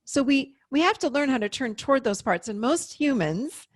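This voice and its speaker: Woman, 50s, therapist guest, animated explainer, higher pitch, dry sound. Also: moderate pace, dry recording. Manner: animated, explaining with acted-out inner voices. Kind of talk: interview conversation.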